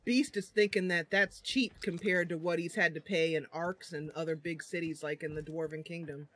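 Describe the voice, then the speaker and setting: This woman's voice is low-pitched and fairly bright, with a steady tone at normal speed. Streaming a role-playing game, she chats away and reads dialogue out loud, laughing and giggling often.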